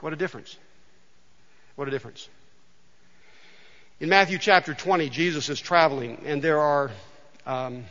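A male pastor preaching a sermon in a conversational, storytelling way, often dropping soft and quiet. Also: a little high. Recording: dull sound with long hall reverb.

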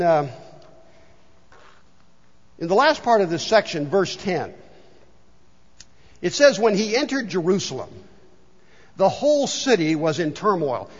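Pastor, male, high voice, lively sermon delivery, muffled sound with long hall echo. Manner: animated preaching, drops to soft emphasis.

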